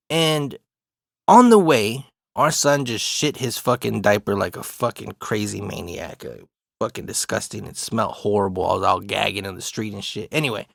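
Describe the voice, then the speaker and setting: A man's voice: medium pitch, gravelly, no room sound, clean studio sound. A young adult man casually telling a funny story, swearing a lot and often laughing. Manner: profane, laid-back, laughs often.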